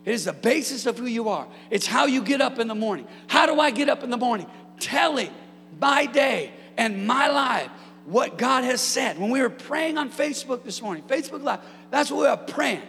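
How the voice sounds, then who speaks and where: A man preaching a sermon as pastor, energetic with humorous asides and building to shouted peaks. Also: very high voice, normal speed, creaky, long reverb tail, a little hiss or hum. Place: church sanctuary.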